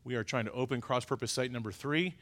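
A middle-aged male pastor preaching a sermon, emphatic, swinging between loud urgent stresses and quiet confiding asides. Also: mid-range voice, fast. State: choked up.

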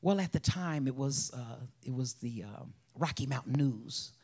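A woman, a bereaved mother, telling her personal testimony in an emotional way, often sinking to a soft whisper. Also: rumbling low, animated, normal speed, slightly rough. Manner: emotional, drops to soft whispers, breaks into laughs.

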